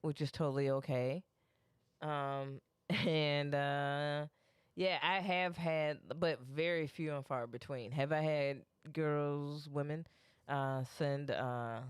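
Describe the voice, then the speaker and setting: Blunt deadpan co-host for casual comedic chat, clean smooth tone, middle pitch. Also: slow pace, no echo, studio quality. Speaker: podcast co-host.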